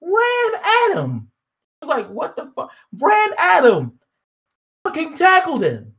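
Ranting profane woman, lively pitch. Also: slow pace. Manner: profane, indignant, emphatic ranting. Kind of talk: heated casual commentary.

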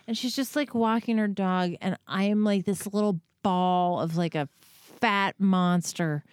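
A woman's voice: medium pitch, a little slow, clean tone, no echo. A woman in her thirties telling a long, rambling, self-deprecating story in casual chat, swearing freely and acting out what people said. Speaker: podcast guest or co-host telling a story.

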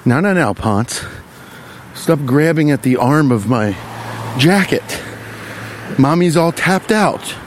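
A man voicing an exasperated, crude-mouthed mother scolding her children in a low, drawling tone. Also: expressive, slow, long pauses, slight background noise. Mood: weary.

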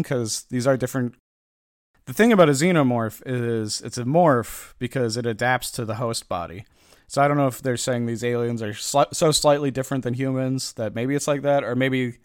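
A man's voice: mid-range voice, no room sound, studio quality. Chatty man recapping a comic. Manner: animated storyteller, acts out characters' lines, lots of "like" fillers. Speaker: podcast host recapping a comic. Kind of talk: casual chat.

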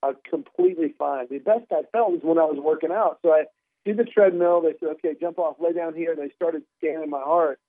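Male comic guest, wry and lively storyteller, somewhat high voice, dry phone-line sound. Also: brisk, dry recording. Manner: animated, wry storyteller who plays out dialogue. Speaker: comedian guest. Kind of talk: conversational storytelling.

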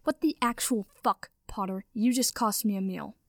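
A woman's voice: mid-range voice, moderate pace, dry recording, studio quality, lightly acted. A woman reading aloud, voicing a crude, predatory young male vampire who growls and sneers. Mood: sneering.

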